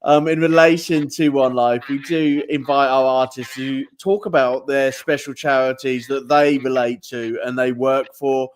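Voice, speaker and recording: A man's voice: medium pitch, fairly even intonation, measured pace, hardly any pauses. A man hosting a casual interview, with jokey, upbeat presenter patter. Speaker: host.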